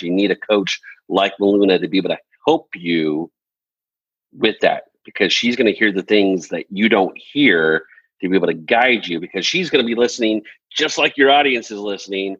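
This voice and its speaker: Man, interview host, deep voice, husky, earnest, restarts often, dull lo-fi sound. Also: normal speed, fairly bright tone, no echo. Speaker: podcast host. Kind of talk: casual interview.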